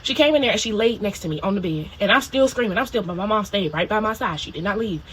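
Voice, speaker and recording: Here a spiritual video diarist recounts something personal, quick and animated, with plenty of swearing and frequent "you know" and "okay?" check-ins. She has a mid-range voice. The rough recording carries slight background noise.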